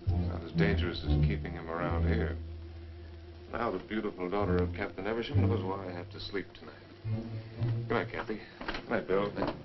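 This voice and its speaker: An actor voices a young cavalry officer in an old western film, dutiful and understated. His voice is very low and his speech quick, with a dry, clipped delivery. The track is dull, with music behind him. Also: close to an everyday voice. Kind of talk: 1950s western film acting.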